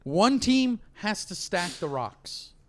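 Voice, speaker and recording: A man's voice: high voice, big pitch swings, slow, gravelly, a bit bright. A man with a New York accent, a comedian host telling rambling stories in casual chat. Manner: rambling storytelling with restarts and laughs.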